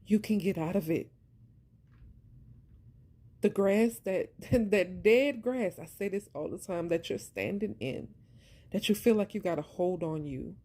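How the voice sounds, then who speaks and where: A woman's voice: lowish voice, warm tone. A woman, talking passionately about faith and surviving abuse. She speaks like a preacher and repeats points for emphasis. Her voice is wearing thin and she is close to tears. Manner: addresses listeners as "y'all". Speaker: vlogger sharing her story. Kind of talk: heartfelt faith-based monologue.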